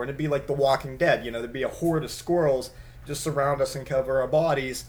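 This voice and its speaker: A man in his thirties hosting a casual monologue, rambling with many halting restarts. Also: mid-range voice, steady tone.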